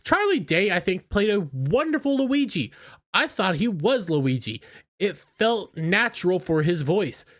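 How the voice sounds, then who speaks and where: A man's voice: high-pitched, sing-song, measured pace, fairly bright tone. A man giving opinionated commentary in an indignant, scornful, ranting manner. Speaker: YouTube commentator.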